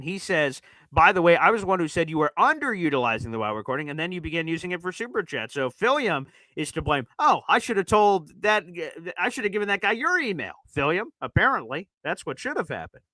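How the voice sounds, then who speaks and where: Man, sports stream host, lively pitch, bright tone, dry close sound, chatty with fillers. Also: a little fast, hardly any pauses, no echo, poor audio. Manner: loose, chatty, many fillers, shifts from loud to muttering. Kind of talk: casual live-stream chat reading super chats.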